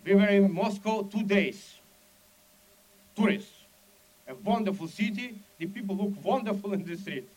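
A man's voice: sits high, normal speed, darkish tone, poor audio. A Soviet émigré man with a heavy Russian accent and broken English, speaking urgently and emphatically as a dissident. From Soviet Union. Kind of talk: impassioned speech.

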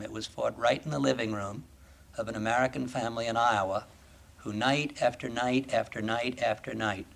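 A man lecturing an audience in a deliberate, emphatic way, often asking rhetorical questions. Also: medium pitch. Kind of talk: formal lecture.

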